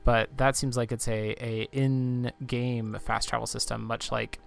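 A man hosting a relaxed gaming podcast, sleepy and rambling, with many fillers. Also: mid-range voice, unhurried, gravelly, soft background music. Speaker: podcast host. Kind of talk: casual game playthrough chat.

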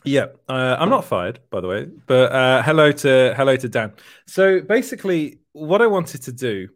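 A man's voice: mid-range voice, normal speed, no echo, clean studio sound. Rambling British man hosting a livestream. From Britain. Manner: rambling, self-correcting, laughs often. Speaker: host. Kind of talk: casual livestream chat.

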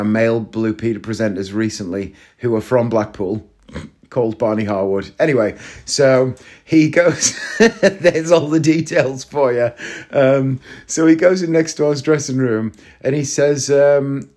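A man in his thirties, a podcast host and actor, tells stories on his solo comedy podcast in a rambling, self-deprecating way. His mid-range voice moves at a moderate pace and sounds a little mellow, suiting the casual comedic monologue.

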